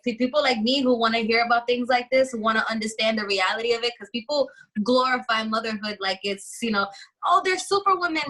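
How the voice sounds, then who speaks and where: Woman, blunt, joking, brisk, bright sharp voice, a bit high. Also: poor audio. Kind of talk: casual panel chat.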